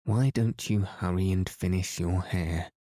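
A man reading aloud, voicing a blunt, practical teenage girl with a brisk, offhand manner. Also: low-pitched, steady tone, mellow, no room sound, studio quality.

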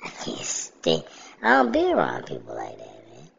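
A man's voice: rumbling low, huge pitch swings, normal speed, vocal fry, highs cut off, a little hiss or hum. A man in casual chat, ranting bluntly about things that annoy him.

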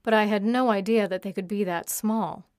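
A scornful young woman who holds a captive, mocking and commanding him in sharp bursts, as a woman reads her lines. The delivery is a touch louder than the plain narration. The sound is dry and close, with no room around it. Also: medium pitch, fairly even intonation, normal speed, no echo, close to an everyday voice. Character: scornful young woman electrician, domineering captor.

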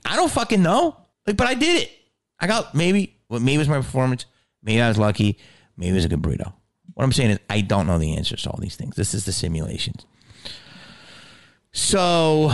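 A man's voice: on the high side, dry recording, clean studio sound. A middle-aged man with a Philadelphia accent hosting a podcast, telling stories in a profane, rambling monologue. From Delaware County, Pennsylvania. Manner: profane, animated storytelling. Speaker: podcast host.

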